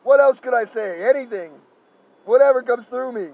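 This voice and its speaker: A man giving an improvised spiritual monologue to camera, effusive and gentle, pausing often and repeating thanks and loving affirmations. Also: very high voice, no echo, poor audio. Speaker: spiritual speaker.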